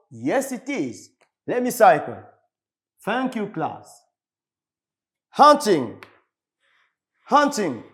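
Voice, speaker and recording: A man from the Congo teaches English to a class on television. He speaks slowly and repeats each word several times, in a high, animated voice. His questions rise and fall widely. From Republic of the Congo. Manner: slow, repetitive, drilling words for the class.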